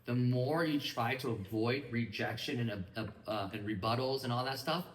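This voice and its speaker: A man giving an energetic motivational training talk to a live group, often checking that his listeners follow him. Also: mid-range voice, normal speed. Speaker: business mindset trainer. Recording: echoey room, mic at a distance.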